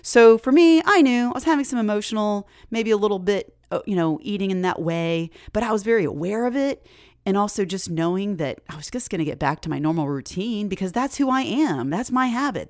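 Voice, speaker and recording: A woman's voice: mid-range voice, no room sound, studio quality. A woman hosting a fitness podcast, talking casually and encouragingly with lots of fillers. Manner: chatty, animated, encouraging, many fillers. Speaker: podcast host. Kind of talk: casual solo podcast talk.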